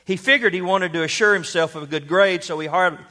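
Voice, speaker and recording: Higher-pitched male preacher telling a story. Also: a little fast, bright, forceful tone. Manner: storytelling, rhetorical questions. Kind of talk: sermon with storytelling.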